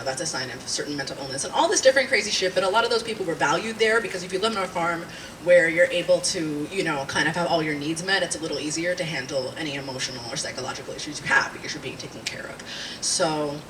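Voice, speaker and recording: A woman in her twenties or thirties doing a stand-up comedy set, rambling and animated, swearing and laughing at her own jokes. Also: low-pitched, fast. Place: small live comedy venue. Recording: distant mic with audible room noise.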